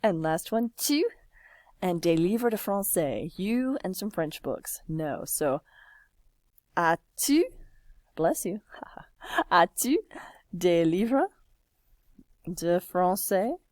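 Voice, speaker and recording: Slow, patient woman teaching French. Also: fairly low pitch, animated, darkish tone, no room sound, studio quality. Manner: patient, encouraging, slow and drawn-out. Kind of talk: classroom lesson, typing while explaining.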